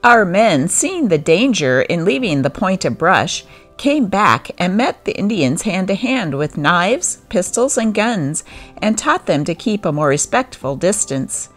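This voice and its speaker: A woman reading an old newspaper account aloud as scripted narration, in a steady read-aloud manner. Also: lowish voice, unhurried, faint music behind. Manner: steady read-aloud of a first-person war memoir.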